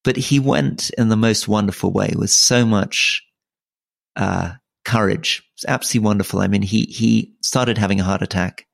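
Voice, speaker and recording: A middle-aged man with a low, gravelly voice talks in a relaxed, unscripted way. He stops and restarts often, repeating words as he feels his way into a thought. The sound is close and dry. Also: moderate pace, dry recording. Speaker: podcast co-host. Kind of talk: casual conversational chat.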